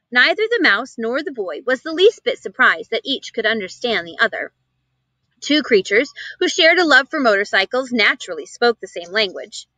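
A woman reads a children's chapter book aloud, expressive and animated. Her voice is bright and fairly high. It's recorded close and dry. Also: moderate pace, no room sound, low-quality recording. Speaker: reader. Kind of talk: storybook read-aloud.

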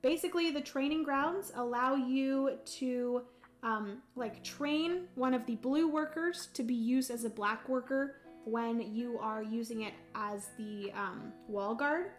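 A young woman on a livestream talks casually while playing a solo board game, giggling often and stopping with ums to explain the rules. Her voice sits somewhat high. Soft music runs faintly behind her. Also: measured pace. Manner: chatty and giggly, reads chat aloud, explains rules with many ums. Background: faint background music.

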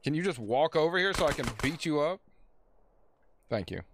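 Man streaming a game, profane and excitable, lively swooping pitch, noisy game sounds behind. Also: normal speed. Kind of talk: live game streaming commentary. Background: game sounds and vehicles.

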